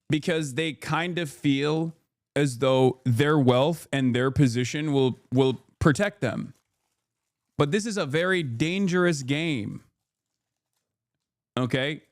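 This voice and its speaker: A man's voice: on the high side, dry recording. Man ranting in disbelief, dry close sound. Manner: incredulous, profane, emphatic rants. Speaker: political streamer. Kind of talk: live stream reaction commentary.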